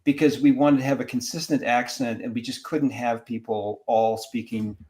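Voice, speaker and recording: A man, a professor, talking as a podcast guest in a casual, animated way, often restarting his sentences. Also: medium pitch, moderate pace. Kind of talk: casual discussion.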